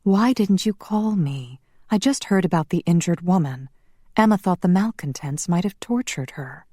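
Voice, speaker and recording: A woman's voice: lowish voice, animated, moderate pace, warm tone, no echo, studio quality, voice pushed up. A woman voicing a distressed young woman doctor, speaking with urgent worry. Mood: worried. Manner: urgent, worried.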